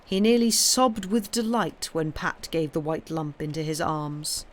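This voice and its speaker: Brief: woman storyteller, expressive, steady read-aloud on stream. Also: deep voice, unhurried, slight background noise. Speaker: story reader. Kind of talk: reading a story aloud on a livestream.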